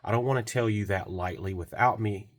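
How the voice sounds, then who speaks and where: A man with a somewhat low voice tells a story from his repair shop, rambling and casual. He trails off, restarts, and slips into quoted voices as he goes. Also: fairly quick. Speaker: golf cart repair technician.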